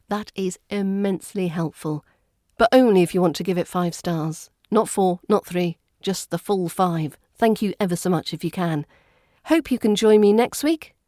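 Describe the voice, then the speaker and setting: A woman with a British RP accent hosting a podcast lesson as an accent coach, speaking with crisp, precise enunciation. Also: medium pitch, mellow, no room sound, studio quality.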